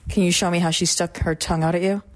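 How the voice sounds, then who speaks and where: Woman, radio co-host, calm gentle questions, lower voice. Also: quick pace. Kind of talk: gently interviewing a child.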